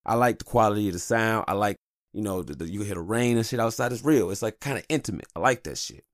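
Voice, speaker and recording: Talking fast in a voice on the low side, this man hosts a podcast in clean, echo-free studio sound. His monologue is candid and meandering, and he swears heavily throughout.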